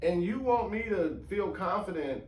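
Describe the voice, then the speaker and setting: A man's voice: high-pitched, animated, moderate pace. A man co-hosting a casual podcast, telling stories in loose, colloquial speech with casual swearing. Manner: loose, colloquial, swears, with many "like" and "you know what I mean". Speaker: podcast co-host. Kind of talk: casual storytelling conversation. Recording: roomy sound, distant from the mic.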